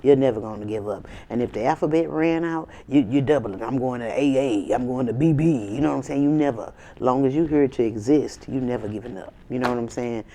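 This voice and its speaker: A woman's voice: very deep voice, a little fast, few pauses, warm tone. Woman, tarot reader, casual spiritual reading, emphatic, slangy, preachy, sassy asides, faint background noise.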